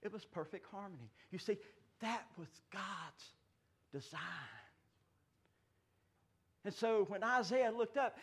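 A man in his fifties preaching a sermon in a church, folksy and joking, swinging between loud declarations and hushed asides. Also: high voice, a little slow, pauses often. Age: 50s. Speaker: pastor. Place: church sanctuary.

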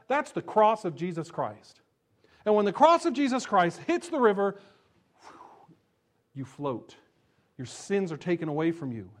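A man preaching a sermon, telling the story with animated swings from emphatic peaks to quiet low asides, chuckling between points. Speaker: pastor.

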